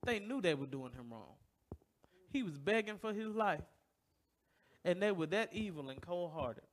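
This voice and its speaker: A man's voice: sits high, expressive, normal speed. A man preaching a sermon to his congregation, telling a personal story and asking rhetorical questions, acting out other people's voices along the way. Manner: acts out voices in stories, loud bursts. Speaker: pastor. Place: church.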